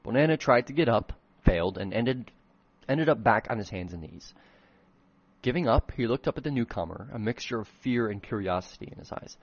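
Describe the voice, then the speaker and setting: Husky man reading fan fiction aloud. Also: medium pitch, animated, fairly quick, no room sound, lo-fi sound. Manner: self-mocking, swears in frustrated asides. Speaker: reader of his own old fan fiction. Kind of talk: comedic dramatic reading with asides.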